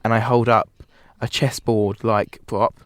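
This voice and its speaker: A man's voice: lowish voice, little pitch movement, unhurried, no echo, studio quality. A young man co-hosting a student comedy radio show, joking and rambling in casual banter.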